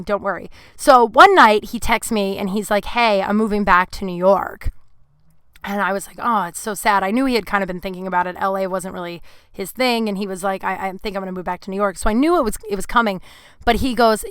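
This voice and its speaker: A woman's voice: fairly high pitch, a bit bright, smooth, no echo. A young adult woman, a comedian, hosting her podcast and telling a candid, profane story in casual talk full of fillers.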